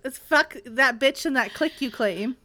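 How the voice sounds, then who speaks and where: A woman co-hosting a book podcast, recapping a chapter in animated, profane, giggly casual chat. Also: high-pitched, measured pace. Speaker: podcast co-host.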